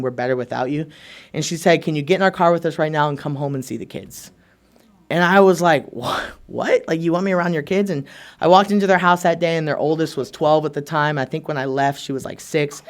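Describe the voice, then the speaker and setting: A young man with a slightly raised pitch gives an open, earnest personal testimony at a recovery meeting. His talk is casual and candid, full of "like" and quick "right?" tags, and he tells his story in plain everyday words.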